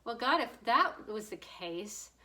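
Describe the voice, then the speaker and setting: A woman's voice: fairly high pitch, sing-song, unhurried, sharp tone, poor audio. A middle-aged woman giving a casual opinion monologue, blunt and rambling, swearing and laughing often. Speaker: political commentator.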